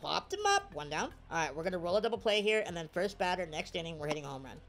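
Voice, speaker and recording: A man commentating his own baseball video game as he plays, excitable, his voice jumping to high shouts at big plays, tired after hours of play. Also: rapid-fire, music in the background. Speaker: gaming YouTuber. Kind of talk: live gameplay commentary.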